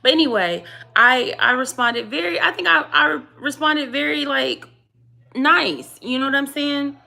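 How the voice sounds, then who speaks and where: A woman with a hoarse voice, chatting casually to camera as a vlogger and mom of three, telling a story with lively emphasis. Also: sits high, a little slow. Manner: chatty, animated storytelling, addresses viewers as y'all. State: hoarse, voice going out.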